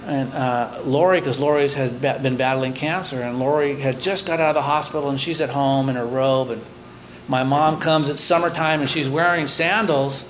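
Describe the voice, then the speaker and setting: A man in his sixties sharing a humorous personal story at a recovery meeting, animated and chuckling as he acts out his own reactions. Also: fairly high pitch, slight background noise, low-quality recording.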